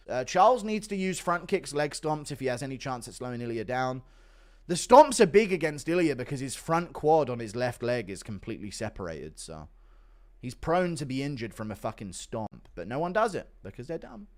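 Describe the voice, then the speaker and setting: Crude, mocking young man streaming. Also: mid-range voice. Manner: loud, crude, mocking, laughs often. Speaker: livestream host reading donations. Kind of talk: casual livestream chat.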